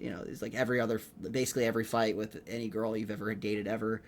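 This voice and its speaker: A young man hosting a comedy podcast, rambling in an animated, profane way and filling his talk with "like.". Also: lowish voice, fast talker, gravelly, hardly any pauses, slight background noise. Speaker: podcast host, rookie stand-up comedian.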